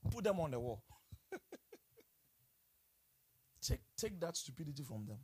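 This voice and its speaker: A man preaching a sermon in an animated way, exclaiming, laughing and putting questions to his listeners. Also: on the high side, a little slow, pauses often, husky.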